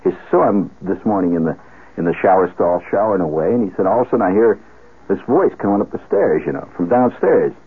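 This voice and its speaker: A man telling a rambling comic story on the radio, animated and full of asides and restarts. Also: low voice, fast, husky. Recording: tinny phone-like old radio broadcast.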